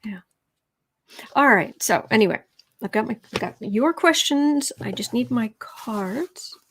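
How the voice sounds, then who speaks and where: A woman with a Southern accent talks her way through a casual livestream, reading out viewer comments and tossing off sarcastic asides. Her voice sits a little high, and she slips into soft murmurs while she shuffles her cards. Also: lively intonation, a little slow, slight background noise. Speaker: tarot reader and livestream host.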